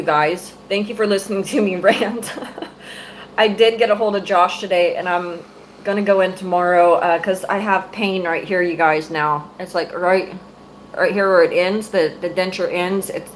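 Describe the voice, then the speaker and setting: On a live stream, a middle-aged mom rants at her viewers in anger, swearing freely with her phone mic close by. She speaks at a normal speed in a lowish, steady voice, captured in a low-quality recording with some hiss or hum.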